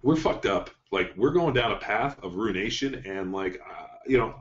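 Blunt, profane man with a deep voice. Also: animated, moderate pace, fairly bright tone. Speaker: podcast host, strength coach. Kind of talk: casual podcast talk. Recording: dull, roomy studio sound.

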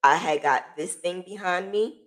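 A woman speaks a little slowly as she recounts her own story on a casual vlog, open and emotional and swearing without restraint. Her voice sinks low and quiet, then climbs loud as she laughs.

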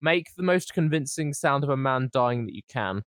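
A man hosting a podcast in casual comedic chat, joking around in quick banter with frequent laughs. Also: mid-range voice, expressive, fairly bright tone, dry recording. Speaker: podcast host.

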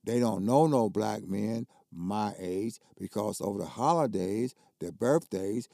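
A man's voice: lowish voice, expressive, measured pace, vocal fry, dark tone, no echo, clean studio sound. An older man, a basketball coach telling stories as a guest in casual, emphatic, colloquial talk. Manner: colloquial, emphatic, repeats words when worked up. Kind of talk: casual conversational storytelling.

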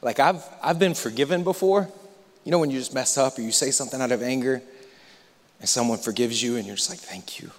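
A man preaches to his congregation with a dramatic sweep, dropping to hushed near-whispers and then rising to loud, impassioned appeals. His voice sits in a middle register. It rings out with the long reverb of a large church hall. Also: medium pitch, fast talker. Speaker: pastor. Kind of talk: sermon.

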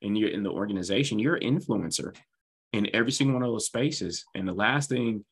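Male host, lowish husky voice, enthusiastic and rambling. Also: lively intonation, brisk. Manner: enthusiastic storyteller, rambling asides. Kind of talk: casual conversation.

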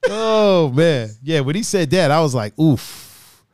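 A man from Brazil hosts a relaxed, profane conversation, laughing often. His voice sits a little high and swings widely in pitch. The sound is dry and close. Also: slow, no room sound. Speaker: podcast host. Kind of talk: casual chat.

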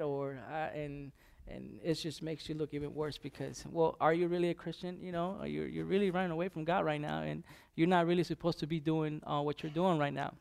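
A man preaches in a loose, conversational way, stumbling over his words and starting sentences over and over. His voice sits a bit high for a man and carries a gravelly rasp. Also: level tone, a little mellow. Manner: halting, many restarts and fillers, conversational. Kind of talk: informal sermon.

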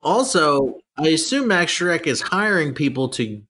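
Brief: podcast co-host, male, bouncy and animated pitch, jokey banter. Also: a little hiss or hum. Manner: animated, joking, quick to laugh. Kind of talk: casual movie-discussion chat.

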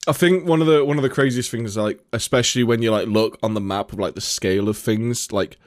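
A man from Nottingham with a Nottingham accent, telling stories in casual chat, sweary and animated. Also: fairly low pitch, fast, dry recording, studio quality. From Nottingham, England. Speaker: podcast co-host and gigging musician.

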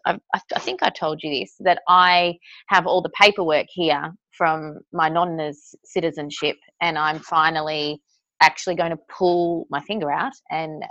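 A woman's voice: deep voice, bright, forceful tone, no echo. A woman co-hosting a casual podcast chat, talking in an effusive, emotional way over a dull remote line. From Australia. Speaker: podcast co-host.

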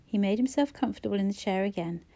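A woman narrating a novel as an audiobook reader, in measured, even storytelling. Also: medium pitch, vocal fry. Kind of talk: scripted narration.

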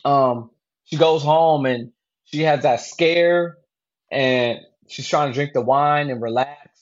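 On a podcast, a male co-host talks casually about a movie, rambling, filling gaps with fillers and restarting his sentences. He speaks slowly at a mid-range pitch, and the audio comes across as slightly dull and lo-fi.

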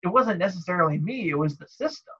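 Husky man telling work stories. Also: fast, dull audio. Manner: animated storyteller, mimics callers in a high voice. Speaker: podcast co-host. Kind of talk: casual chat.

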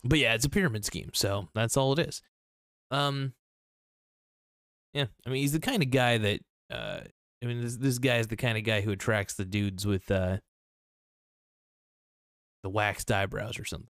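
A man's voice: on the low side, moderate pace, pauses often, fairly bright tone, no room sound, clean studio sound. A man hosting a podcast, ranting casually and bluntly with plenty of swearing and fillers. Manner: blunt, profane, skeptical, many fillers. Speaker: podcast host. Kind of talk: casual opinionated podcast rant.

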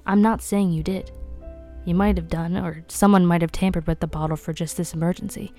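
A woman reading a cautious middle-aged male doctor who speaks doubtfully and flatly. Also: fairly low pitch, a little fast, soft background music, lightly acted. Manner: doubtful, flat and clinical.

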